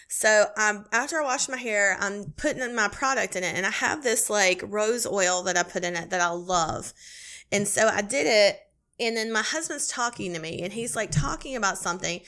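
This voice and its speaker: A woman co-hosting a podcast, chatting casually and telling an animated, swearing, laughing story. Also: medium pitch. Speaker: podcast co-host. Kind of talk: casual chat.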